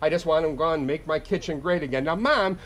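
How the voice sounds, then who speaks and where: A man performing live spoken-word comedy at a house concert, with a rapid-fire, profane, rhyming delivery. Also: fairly high pitch, fairly bright tone, a little hiss or hum. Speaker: touring singer-songwriter.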